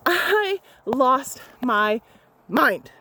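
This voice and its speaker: A fairly high-voiced young woman tells a photography client story straight to camera. She is heated and emphatic, and she swears freely as she retells the clash. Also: very animated, very slow, noisy background. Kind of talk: angry storytime vlog.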